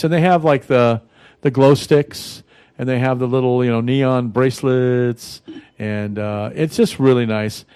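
A man's voice: mid-range voice, darkish tone, smooth, dry recording. A man hosting a casual radio talk show, rambling in a folksy way with many fillers and restarts. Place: radio studio.

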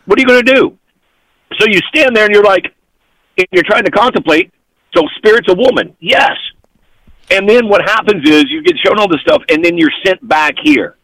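A man as a podcast guest, telling an animated story in an excitable way and constantly checking in with the listener. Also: high-pitched, a little fast, vocal fry, no room sound, poor audio. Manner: excitable, keeps checking in with "okay?".

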